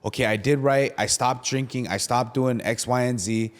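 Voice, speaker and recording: On his podcast, a young host talks about faith in casual slang, frequently tossing in "right?" as he tells animated stories. His voice is medium in pitch and his pace is moderate.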